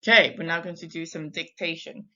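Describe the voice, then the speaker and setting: Woman teacher slowly dictating French. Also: low voice, steady tone, pushed and bright, dull audio. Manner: slow, carefully spaced dictation in French. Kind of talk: recorded classroom lesson.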